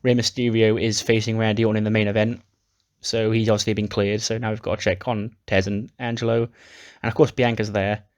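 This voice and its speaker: A man's voice: on the low side, little pitch movement, brisk. A man narrating a wrestling simulation playthrough, recapping matches casually. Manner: recaps storylines casually with swearing. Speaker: game player narrating.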